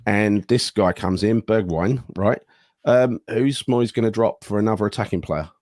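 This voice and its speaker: A man's voice: fairly low pitch, normal speed, no room sound, clean studio sound. A man co-hosting a football podcast, chatting casually and bluntly with lots of questions. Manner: animated, questioning, blokey. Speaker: podcast co-host.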